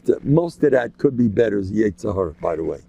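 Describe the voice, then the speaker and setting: A man giving an informal, joking religious talk, animated and acting out quotes in sudden high voices. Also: fast talker, creaky, breathy edge, no room sound, muffled recording. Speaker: religious lecturer. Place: local community gathering.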